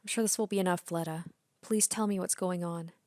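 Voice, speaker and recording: A woman's voice: fairly low pitch, steady tone, brisk, warm tone, no room sound, lightly acted. A woman reading aloud the lines of an earnest girl heroine from a game, in a pleading tone.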